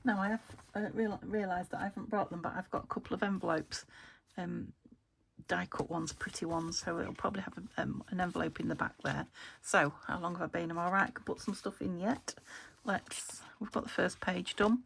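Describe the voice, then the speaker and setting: A British woman crafting at her table at home, thinking aloud and often dropping to a soft half-whisper as she narrates casually. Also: lowish voice, fairly even intonation, brisk, vocal fry, slight background noise. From United Kingdom. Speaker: craft vlogger. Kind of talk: casual flip-through narration while crafting.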